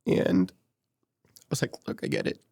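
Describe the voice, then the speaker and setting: A man from Las Vegas with a low, gravelly voice, speaking as a guest on a podcast. He tells a candid personal story and acts out old conversations as quoted dialogue, and at times he is emotional and choked up. The sound is dry and close, with no room around it. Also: normal speed, darkish tone, no room sound. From Las Vegas, USA.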